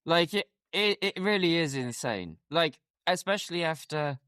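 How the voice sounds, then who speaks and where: Lively, enthusiastic man on a podcast. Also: a little high, normal speed, smooth, no echo, clean studio sound. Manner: enthusiastic and amazed, with laughter. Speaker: podcast co-host. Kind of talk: casual podcast chat.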